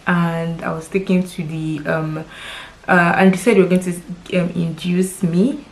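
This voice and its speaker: A woman's voice: fairly low pitch, fairly even intonation, measured pace, rough recording. A woman in her thirties with a Nigerian accent, telling a personal story in a vlog, heartfelt and tearful at times, repeating words for emphasis. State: crying at times. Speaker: lifestyle vlogger.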